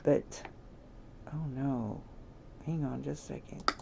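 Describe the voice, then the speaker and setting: A woman streaming a life-sim game, chatty and giggly, talking straight to her viewers, over steady background noise. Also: a bass voice, slow pace, gravelly, dull audio. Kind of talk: casual gameplay commentary.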